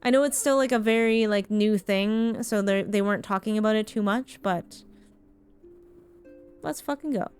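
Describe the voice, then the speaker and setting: A woman from Ontario, Canada, chats frankly and casually with her viewers while streaming a game, swearing now and then. Her mid-range voice is steady, a little mellow and smooth, moving at a moderate pace with few pauses. Faint music plays in the background.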